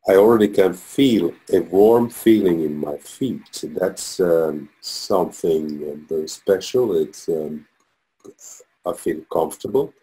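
Female caller on a video call, deep and husky, distant, hesitant. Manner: slow, halting, soft-spoken. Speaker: webinar attendee.

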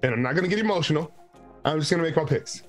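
Man, podcast host, joking banter, somewhat high voice, faint music underneath. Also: lively intonation, very fast. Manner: playful, mock-exasperated banter. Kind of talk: casual sports podcast chat.

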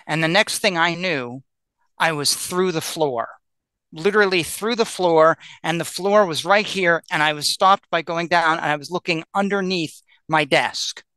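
A man telling a personal story as a guest in a roundtable discussion, animated and peppered with "like", acting out what people said. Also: on the high side, unhurried, smooth, no echo. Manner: animated, acts out quoted voices, lots of "like".

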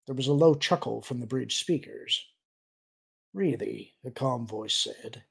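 A man reading a science-fiction novel aloud as a steady audiobook narrator. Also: medium pitch, moderate pace, creaky, husky. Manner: steady storytelling delivery. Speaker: audiobook reader. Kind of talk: scripted narration.

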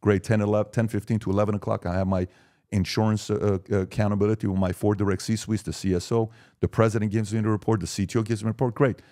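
A man in his forties, a podcast guest, talking emphatically and telling lively stories in casual conversation. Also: fairly low pitch, quick pace.

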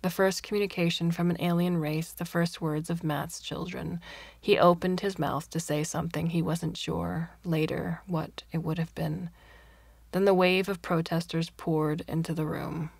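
Soft-spoken woman with a gravelly voice. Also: lowish voice, steady tone, normal speed, no echo, clean studio sound. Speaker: story reader. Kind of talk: scripted narration.

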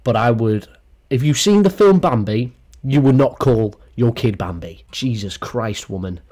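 A man's voice: medium pitch, expressive, moderate pace, warm tone. A young man doing a comedic gossip rant as a YouTube commentator, sarcastic and crude with mock-dramatic outbursts.

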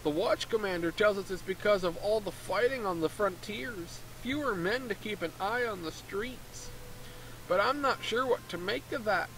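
A man's voice: high-pitched, normal speed, a bit bright, slight background noise, poor audio. A man voicing a scheming middle-aged merchant in a mock Canadian accent, reading game dialogue aloud with a hammy, conspiratorial manner. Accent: mock Canadian, tagging "eh" onto lines.

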